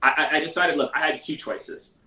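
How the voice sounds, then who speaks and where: A man hosting a live sales question-and-answer stream in a casual, energetic, conversational way. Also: fairly quick. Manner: energetic, conversational, mimics others in a high voice. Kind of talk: casual livestream talk. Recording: roomy echo, mic at a distance.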